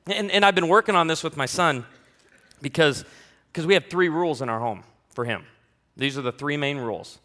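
Animated pastor with a fairly high voice. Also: male voice, normal speed, in a large hall. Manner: animated, bursts into loud acted quotes. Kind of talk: sermon with humorous family stories.

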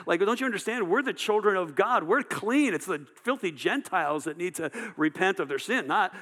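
A man's voice: a little high, lively intonation, a little fast, pushed and bright. A man voicing indignant, self-righteous male religious leaders in a sermon. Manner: incredulous, raised protesting tone.

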